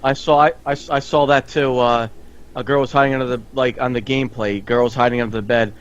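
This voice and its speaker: A man joins a casual gaming podcast chat, speaking haltingly and restarting his sentences. His voice comes through dull and slightly lo-fi. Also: medium pitch, fairly even intonation, clear, resonant tone. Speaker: podcast co-host.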